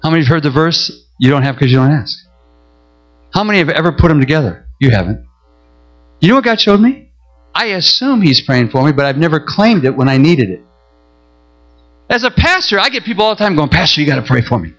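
Animated preacher man, lively pitch. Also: brisk, soft background music, rough recording. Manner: animated storytelling, shifting from calm to emotional pleading. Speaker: pastor. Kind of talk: sermon.

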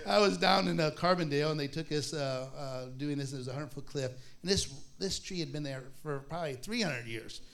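A man, probably a pastor, teaching a Bible study in a relaxed, conversational way, reading scripture slowly and acting out voices in his stories. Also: a little high, vocal fry. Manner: conversational, acts out voices in stories, laughs often; reads scripture aloud slowly.

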